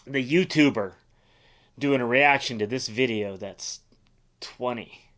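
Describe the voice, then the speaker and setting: Halting, earnest man telling a personal story. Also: mid-range voice. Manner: halting, repeats words, many "like" fillers; earnest, emotional, often drops quieter.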